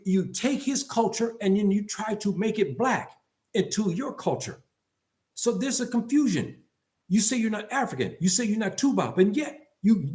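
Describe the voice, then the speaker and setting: An older man giving an impassioned monologue to his community, blunt and scolding, repeating himself and firing off rhetorical questions. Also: fairly high pitch. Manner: emphatic, repetitive, rhetorical questions. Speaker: commentator addressing his community.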